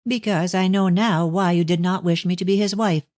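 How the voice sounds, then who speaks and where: A man's voice: sits high, fairly even intonation, moderate pace, darkish tone, no room sound, voice pushed up, close to an everyday voice. A man voicing an anxious young Victorian daughter who pleads earnestly with her father in an audiobook. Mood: distressed. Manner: pleading, raised and earnest delivery. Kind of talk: audiobook reading of a novel.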